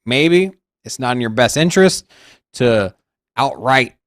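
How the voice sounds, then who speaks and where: A man giving measured, thinking-aloud market takes as a co-host on a casual crypto show. His pitch is ordinary for a man. The sound is dry and close to the mic. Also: animated, dry recording.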